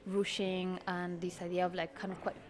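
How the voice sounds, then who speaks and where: A woman's voice: fairly low pitch, completely flat delivery, moderate pace. Woman designer over crowd chatter. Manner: thoughtful, explanatory, with frequent fillers. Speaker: fashion designer. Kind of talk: interview. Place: busy showroom at a cultural institute. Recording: showroom with clear crowd chatter.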